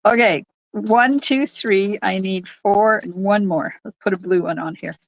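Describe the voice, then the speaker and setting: A woman's voice: mid-range voice, unhurried, slight background noise, rough recording. An older woman, a card-making instructor, chatting to viewers during a live-streamed craft tutorial in her home craft room. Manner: chatty, talks to viewers while stamping.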